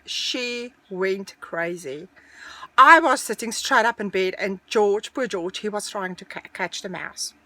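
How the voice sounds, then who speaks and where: A middle-aged woman telling a personal story in a casual, animated storytelling way. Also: medium pitch, measured pace, dry recording. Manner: animated, breathless storytelling, dramatic retelling.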